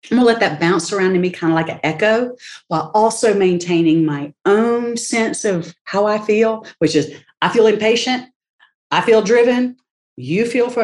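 A woman's voice: medium pitch, darkish tone. A woman speaking as a leadership expert in an interview, talking animatedly, acting out quoted voices and laughing often. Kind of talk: conversational interview talk.

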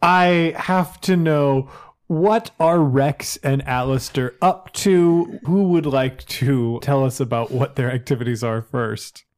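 A man's voice: mid-range voice, slow pace, clear, resonant tone. A man running a tabletop role-play as game master, narrating and prompting players playfully.

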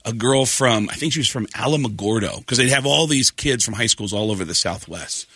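A man's voice: medium pitch, fairly quick, slightly rough, dry recording. A middle-aged man from Arizona, a comedian guest telling wild stories in casual podcast chat and acting out the voices. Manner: animated, acts out voices in his stories.

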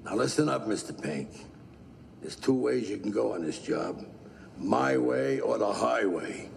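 An actor playing an older gruff crime boss who hands out orders bluntly, in a film clip. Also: male voice, on the low side, expressive, a little slow, darkish tone, a little hiss or hum, heavily acted. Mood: commanding. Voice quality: gravelly. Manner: domineering, blunt. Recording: film clip with roomy reverb.

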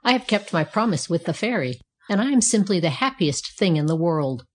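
A woman voicing a cheerful, self-satisfied talking fire poker in a read-aloud storybook, speaking calmly. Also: lowish voice, fairly quick. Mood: contented.

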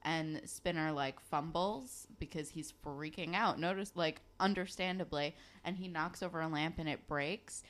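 A young woman co-hosting a relaxed recap podcast. Her voice sits a little low, and she retells scenes wryly, mimicking the characters as she goes. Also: normal speed, hardly any pauses. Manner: wry, chatty, mimics characters. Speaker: podcast co-host. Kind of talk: casual recap chat.

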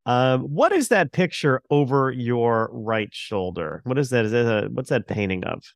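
A man hosts a podcast in an even, middle-pitched voice. He asks questions and tells anecdotes in a friendly, casual way. The sound is dry and close to the mic. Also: normal speed, vocal fry, no echo. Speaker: podcast host. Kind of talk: casual interview.

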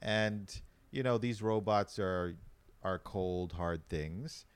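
A man co-hosting a podcast, trading wry, deadpan quips in casual banter and laughing along. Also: low-pitched, slow, clear, resonant tone, no echo. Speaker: podcast co-host.

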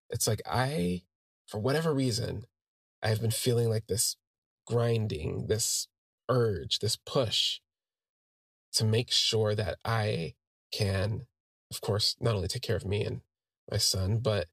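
A podcast host with a lowish, husky, slightly bright voice and vocal fry tells a personal story conversationally, quoting what his friends said to him. The recording is dry with clean studio sound.

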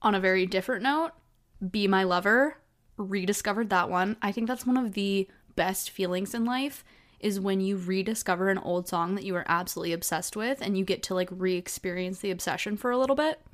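A woman's voice: medium pitch, a little fast. A woman in her twenties hosting her own podcast, telling stories in a chatty, casual way with lots of fillers. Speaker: podcast host. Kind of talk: casual solo chat.

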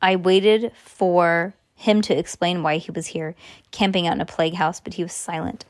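Low-voiced woman reading a story. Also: steady tone, moderate pace, no echo, clean studio sound. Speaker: audiobook narrator. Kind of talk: first-person storybook narration.

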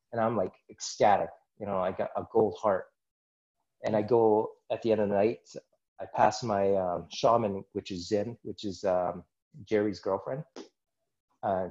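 Appearing as a guest on a podcast, a man earnestly tells a personal story in a loose, casual interview style, wandering off into plenty of asides. His voice is lowish and mellow, and the audio sounds dull.

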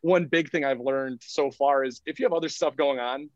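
A man's voice: medium pitch, normal speed, no room sound, muffled recording. Dry-sounding easygoing male trader guest. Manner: easygoing, laughs often. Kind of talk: casual chat.

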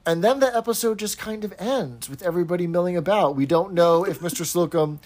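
Man podcast co-host, slightly high voice. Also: expressive, a little mellow. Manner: brisk, dry, quick interjections and corrections. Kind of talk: casual chat.

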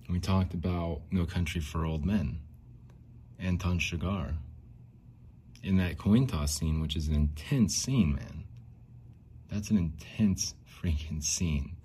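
Casting: very deep, mellow-voiced man, rambling podcast monologue, faint hiss behind. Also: takes it slowly, long pauses. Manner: rambling, repeats himself, frequent likes and restarts. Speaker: podcast host. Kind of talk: casual monologue.

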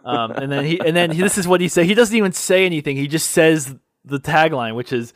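A young man with a slightly high voice chats easily and laughs often as he retells scenes he loves. The sound is dry, with no room echo at all. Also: a little fast. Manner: giggly, animated storytelling with frequent laughter. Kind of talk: casual chat.

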